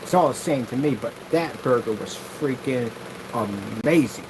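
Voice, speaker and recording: A man rambling through a casual vlog while testing projection screen paint, animated, jokey and full of tangents. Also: medium pitch, unhurried, noisy background.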